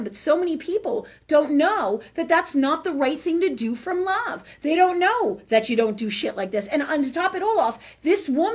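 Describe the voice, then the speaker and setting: Husky, animated woman hosting a talk show. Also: high voice, lo-fi sound. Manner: animated, profane, keeps asking "right?". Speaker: host. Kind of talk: casual spiritual talk show.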